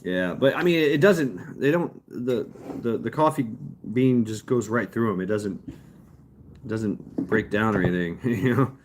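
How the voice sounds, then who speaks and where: A man's voice: lowish voice, expressive, unhurried, noisy background. A man casually chatting and rambling with live viewers as a stream host, often chuckling. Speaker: livestream host. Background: fireworks popping outside.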